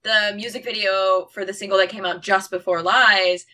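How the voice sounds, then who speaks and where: A woman co-hosting a chat podcast, talking quickly with quippy remarks. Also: mid-range voice, steady tone, bright, forceful tone. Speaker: podcast co-host. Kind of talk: casual chat.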